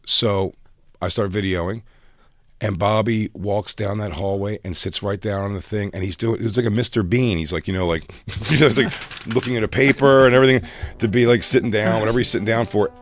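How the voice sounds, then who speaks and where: A man's voice: on the low side, normal speed. A man telling a funny story in casual podcast chat, acting out the other people's voices. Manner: animated, acts out voices in his stories. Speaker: podcast co-host.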